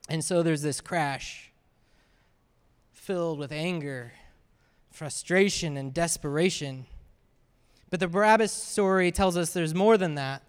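High-voiced man preaching in an echoing hall. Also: fairly bright tone, clean tone. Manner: conversational preaching, frequent "right?" asides. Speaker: pastor. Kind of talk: sermon. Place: church sanctuary. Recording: reverberant hall.

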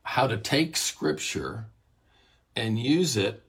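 A man teaching from the Bible in an earnest sermon style, his voice deeply husky and rough. He sounds like he has his morning voice and stops to cough now and then, circling back to repeat and restart his phrases. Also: very animated, takes it slowly, a bit bright.

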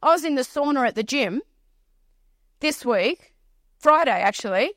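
A woman minister preaching, telling a story with lively, acted-out dialogue and repeated phrases. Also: high voice, measured pace, no echo, clean studio sound. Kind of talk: sermon storytelling.

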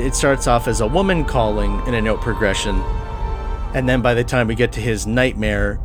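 A man co-hosting a podcast, analyzing a film in long, enthusiastic, detailed points. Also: medium pitch. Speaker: podcast co-host.

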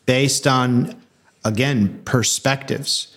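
A man's voice: mid-range voice, fairly even intonation, drawn-out words, fairly bright tone. A man co-hosting a casual discussion, often acting out quoted dialogue and restarting his sentences.

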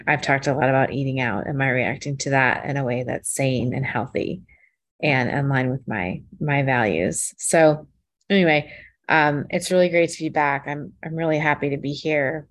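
A woman speaking at an online recovery meeting. Her voice is low and the sound is dry, and she talks in a reflective, halting way, with many pauses and ums. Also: dry recording. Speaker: meeting member sharing. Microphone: video call.

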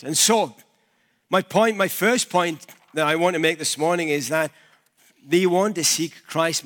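Male pastor, high voice, chatty sermon in a church. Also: a bit bright. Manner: conversational, uses props and everyday examples.

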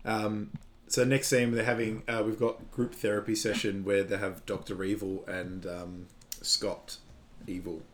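A man's voice: fairly low pitch, level tone, unhurried, slight background noise. Chatty man recapping a movie. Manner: chatty, laughs often, retells scenes. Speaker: podcast co-host. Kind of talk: casual movie recap chat.

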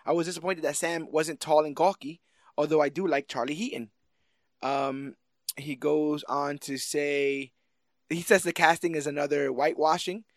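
A man co-hosting a podcast, chatting casually about a movie, animated and laughing as he acts out scenes. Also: a little high, normal speed, no echo, studio quality. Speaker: podcast co-host. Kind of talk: casual movie review chat.

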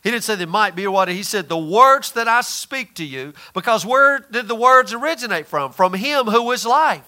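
Male preacher, high bright voice, asks questions then answers them, stretches out key words. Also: lively intonation. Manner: drawls some phrases slowly for emphasis. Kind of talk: sermon.

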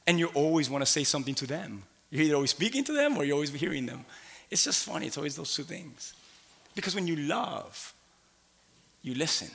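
A man in his thirties delivers a sermon, voice sitting a little high and ringing bright and forceful. He pulls the congregation into call-and-response, jumping from near-shouts to quiet asides. The sound carries a long reverb from the church hall. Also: brisk, gravelly. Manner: animated call-and-response preaching, swings from shouts to hushed asides. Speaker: pastor. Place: church sanctuary.

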